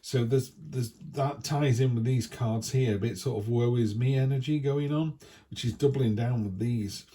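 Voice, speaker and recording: A man's voice: mid-range voice, normal speed, dark tone, breathy edge. A man giving a chatty, down-to-earth weekly tarot reading in a casual, reassuring way. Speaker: tarot reader.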